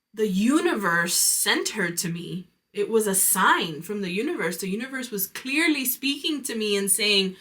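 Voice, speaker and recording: A woman's voice: mid-range voice, a bit bright. A woman hosting a podcast, telling a personal story in a candid, reflective way with casual fillers. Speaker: podcast host.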